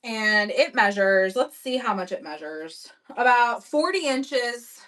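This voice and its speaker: A woman's voice: a little high, animated, takes it slowly, a bit bright, recorded from a distance. Chatty woman selling vintage goods live. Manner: chatty and upbeat, describing items to buyers. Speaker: live auction seller. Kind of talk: casual live-selling chat.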